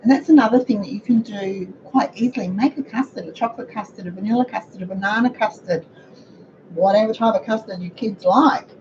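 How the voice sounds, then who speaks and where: A middle-aged woman with a croaky voice, chatting to viewers while she cooks in her home kitchen. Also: mid-range voice, fairly quick, darkish tone. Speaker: cooking show host. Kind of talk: casual cooking demonstration. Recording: dull lo-fi audio with background noise.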